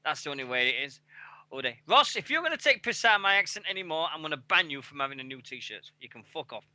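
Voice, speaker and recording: A man's voice: fairly high pitch, very animated, fast talker, bright, forceful tone, no room sound. A man in his forties hosting a radio show on a headset mic, chatting casually with lots of swearing and rambling. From England. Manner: sweary, rambling, laughing at himself.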